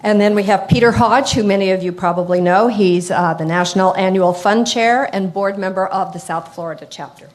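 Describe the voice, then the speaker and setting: A woman in her sixties moderating a conference panel, speaking haltingly with many fillers. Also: medium pitch, slight background noise.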